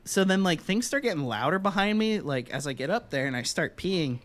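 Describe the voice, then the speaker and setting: A man's voice: a little high, expressive, brisk, fairly bright tone. A young man co-hosting a podcast, telling a long party story in a loose, profane way and acting out the voices of the people in it. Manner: loose and profane, acts out voices in his stories. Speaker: podcast co-host. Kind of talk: casual storytelling.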